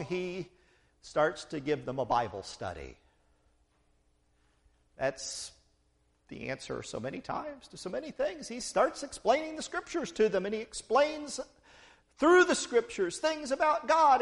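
A man's voice: extremely high pitch, gravelly. A man preaching a sermon, retelling a story with playful asides to the congregation.

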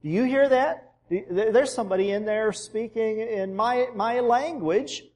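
A preacher doing an excited man in a crowd. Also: high voice, measured pace, long reverb tail, voice pushed up. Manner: excited, eager.

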